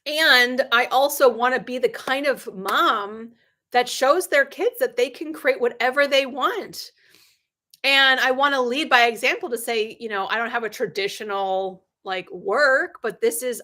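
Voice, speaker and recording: A middle-aged woman business coach hosting a live stream, telling anecdotes with lively acted-out dialogue, frequent ums and sarcastic laughs. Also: a little slow. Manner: animated storyteller, acts out quoted dialogue with big pitch jumps.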